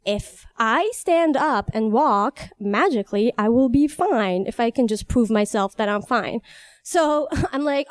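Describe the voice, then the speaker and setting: A young woman from Iran tells a personal story with animated, vivid delivery. Her voice sits a little high and sounds smooth and clear, and the sound is dry and close. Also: normal speed, dry recording. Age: young adult. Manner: vivid, animated, laughs at herself. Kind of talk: personal story told live.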